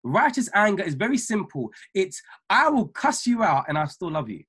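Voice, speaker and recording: A man who is an ordained minister, giving a motivational talk on a weekly video call, preachy and emphatic, repeating key lines slowly for notes. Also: sits high, sing-song, a bit bright, husky. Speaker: ordained minister and trading mentor.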